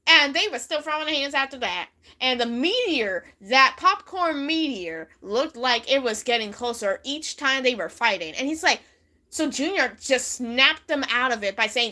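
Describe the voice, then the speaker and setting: A woman's voice: sits high, lively intonation, moderate pace, sharp tone. A young woman telling a rambling, giggly made-up story on a livestream. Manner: giggly, rambling, breaks into voices and song.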